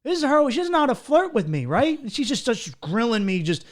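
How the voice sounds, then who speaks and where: A man's voice: very high-pitched, big pitch swings, brisk. A man hosting a podcast, trading blunt, profane travel stories in casual chat. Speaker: podcast host.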